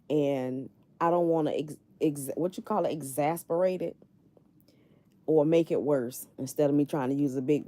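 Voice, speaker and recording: A woman's voice: sits low, mellow. A middle-aged woman hosting a casual live stream from her bed at home, confiding candidly in her viewers. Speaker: livestream host.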